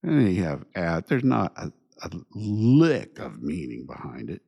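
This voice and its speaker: Male podcast host, dark and mellow voice, reflective solo talk that circles back through rhetorical questions. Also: low voice, huge pitch swings, gravelly, slightly rough, lo-fi sound. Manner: unhurried, repeats points with rhetorical questions. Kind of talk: reflective monologue.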